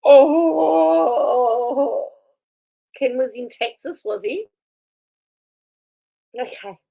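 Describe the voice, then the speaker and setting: Chatty woman commenting live, higher voice. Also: very slow, creaky, dark tone, poor audio. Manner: chatty, reads viewer comments aloud and laughs often. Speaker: commentary host reacting to a video.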